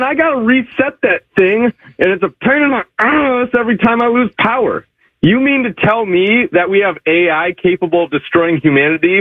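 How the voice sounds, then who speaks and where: High-pitched male caller, exclaiming and worked up, dry tinny phone line. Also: no echo. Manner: animated, exclaiming. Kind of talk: ranting radio call.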